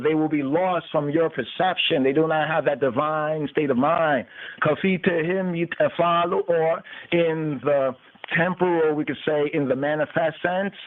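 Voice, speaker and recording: A man teaching scripture, translating word by word and repeating each word before he goes on. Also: a little high. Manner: repeats and chants words, pausing between phrases. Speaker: radio podcast host teaching scripture. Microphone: phone call-in line. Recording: tinny phone line, distant from mic.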